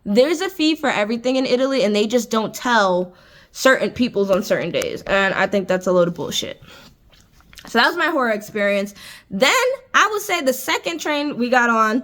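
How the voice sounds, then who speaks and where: A young American vlogger in her twenties tells a story straight to camera from an indoor room with adjustable lighting. Her fairly high, fairly bright voice has big pitch swings at normal speed. She's chatty and exasperated, filling her talk with "like" and "I was just like."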